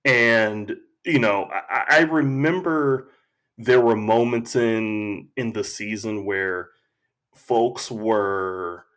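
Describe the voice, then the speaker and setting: Slow, thoughtful man telling a story. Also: fairly low pitch, fairly bright tone. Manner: slow, reflective storytelling with acted quotes. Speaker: podcast guest. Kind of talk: casual conversation.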